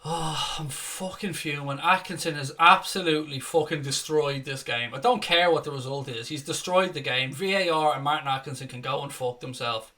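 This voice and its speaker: A young man hosts a live watchalong, talking through a football match play by play. His voice is bright and cutting, pitched a little high, and he swears freely and flares into furious rants at the referee. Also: moderate pace, few pauses. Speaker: fan watchalong host. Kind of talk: live fan match commentary.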